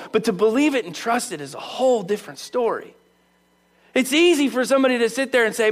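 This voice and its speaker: A male pastor with a high voice preaching a sermon. He is animated and emphatic and keeps turning to question his congregation directly. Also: fast.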